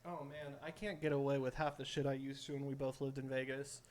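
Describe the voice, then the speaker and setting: A man's voice: mid-range voice, little pitch movement, brisk, a little mellow. A man co-hosting a casual talk show, joking and teasing with crude language. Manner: teasing banter, swears. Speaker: co-host. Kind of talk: casual chat.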